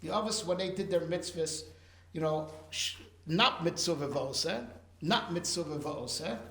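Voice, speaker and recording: Male rabbi lecturer, high voice, animated, roomy echo. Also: measured pace. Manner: animated, explains with rhetorical questions and fillers. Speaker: rabbi teaching a class. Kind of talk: Torah class lecture.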